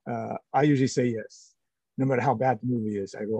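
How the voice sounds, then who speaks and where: A middle-aged man, an actor being interviewed, talking casually and haltingly with many restarts and fillers. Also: medium pitch, steady tone, dark tone, breathy edge, dry recording, muffled recording. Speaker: actor guest.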